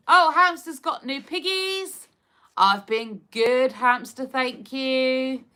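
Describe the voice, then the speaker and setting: This high-pitched female voice is slow, steady, bright and forceful. The speaker is a livestream host from Hertfordshire, England, who giggles and chats casually in a Hertfordshire accent while reading out viewers' comments.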